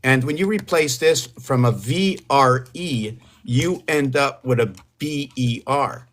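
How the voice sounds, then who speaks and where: A man hosting a relaxed livestream from home in a mid-pitched voice. He wanders from thought to thought, musing aloud about words and numbers as they occur to him. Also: slow. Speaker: livestream host. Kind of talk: casual livestream chat.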